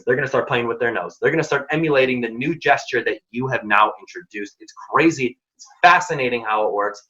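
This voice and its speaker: Bright-voiced man giving emphatic career advice. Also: mid-range voice, lo-fi sound. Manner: emphatic, direct coaching tone. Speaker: workshop speaker. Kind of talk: career advice workshop talk.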